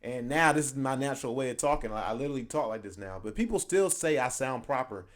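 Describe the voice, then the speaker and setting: A man's voice: mid-range voice, lively intonation, quick pace. A young man hosting his channel, reacting in casual commentary, conversational and laughing often as he makes his points. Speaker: channel host reacting to a video.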